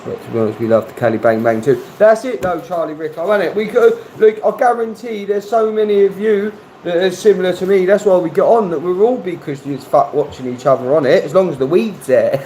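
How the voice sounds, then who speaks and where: A man's voice: sits high, a little fast, darkish tone, slight background noise, rough recording. A man chatting casually on a livestream, laid-back, swearing freely and reading chat messages aloud. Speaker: livestream host.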